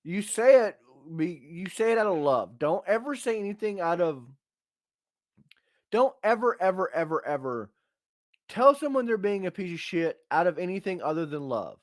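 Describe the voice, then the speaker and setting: A man's voice: sits high, sing-song, fairly quick, few pauses, dry recording, clean studio sound. A man co-hosting a podcast, talking in a blunt, emphatic and profane way as he rants about tough love. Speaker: podcast co-host. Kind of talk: casual opinionated podcast chat.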